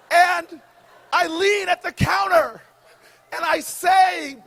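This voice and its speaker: A man in his forties giving a humorous commencement speech, shouting his punchlines with a preacher-like call and response. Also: very high-pitched, expressive, very slow, vocal fry, pauses often. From United States. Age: 40s. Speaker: commencement speaker. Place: outdoor graduation ceremony stage.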